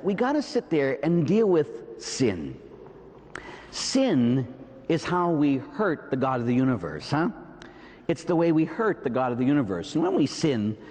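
A middle-aged man with a Pittsburgh accent, a priest preaching a sermon in a church, animated, with rhetorical questions and asides to the congregation. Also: a little high. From Pittsburgh, USA. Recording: long reverb in a large hall.

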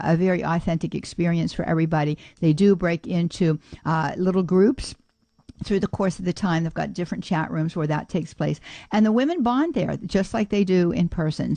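A woman hosting a radio talk show, chatting casually with listeners and often pausing on "uh" fillers. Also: on the low side, dry recording. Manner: chatty and warm-hearted, many "uh" fillers, laughs easily.

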